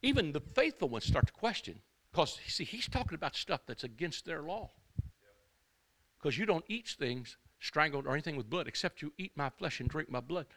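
A man preaching a sermon to a church congregation. He exhorts the crowd with call-and-response, moves between shouting and quiet storytelling, and wanders into asides. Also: fairly high pitch, very animated, moderate pace. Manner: rambling asides, acts out quoted speakers.

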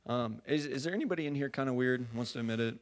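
A man preaching a sermon in a church, talking casually with many fillers and building to loud fervor. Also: mid-range voice, fast. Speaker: pastor.

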